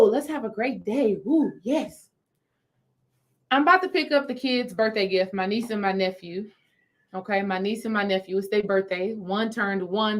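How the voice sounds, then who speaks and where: A woman coaching on spiritual healing, telling a story on a livestream, talking straight to her viewers and repeating phrases for emphasis. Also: mid-range voice. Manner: animated, repeats phrases, talks to viewers directly.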